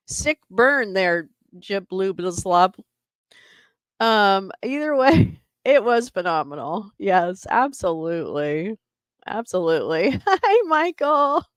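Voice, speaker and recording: Animated, laughing woman hosting a livestream. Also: medium pitch, slow pace, dry recording. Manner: animated, laughs often, reacts to viewers. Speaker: livestream host. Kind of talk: casual livestream chat.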